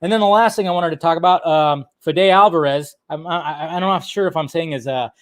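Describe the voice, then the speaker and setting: A man hosting his own live stream, speaking at a fairly high pitch. He rants in an excitable way, swears freely and laughs off his own slips. It sounds like a home desk microphone. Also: a little fast. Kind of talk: ranting live-stream commentary.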